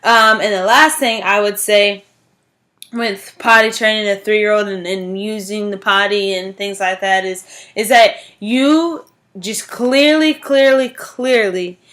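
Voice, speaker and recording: A woman's voice: medium pitch, steady tone, unhurried, a bit bright. A woman teacher giving an informal informative speech, talking in a chatty way and repeating words for emphasis. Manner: frequent "like" and "um" fillers.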